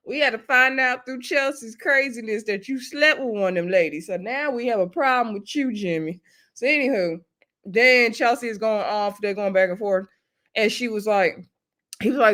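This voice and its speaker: A woman's voice: on the high side, normal speed. A woman casually recapping a reality show episode, acting out the people's lines and laughing often. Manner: animated, acts out quotes, laughs often.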